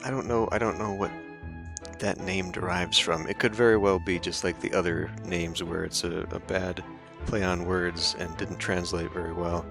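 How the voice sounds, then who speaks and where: A man's voice: low voice, fairly even intonation, normal speed, gravelly, over music. A man hosting a let's play, voicing game characters and making casual, wry commentary. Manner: wry, laughing asides.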